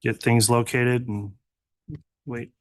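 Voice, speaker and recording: A man's voice: medium pitch, flat delivery, takes it slowly, dry recording. A man presiding as a judge in a courtroom, giving brief, matter-of-fact rulings. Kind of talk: courtroom proceedings.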